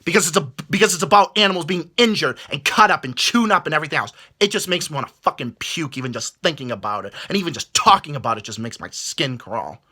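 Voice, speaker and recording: A man's voice: fairly high pitch, expressive, fast, hardly any pauses, pushed and bright, slightly rough. A man delivering a heated, profane rant to camera, stumbling over his words as he restarts sentences. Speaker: vlogger. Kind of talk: angry rant.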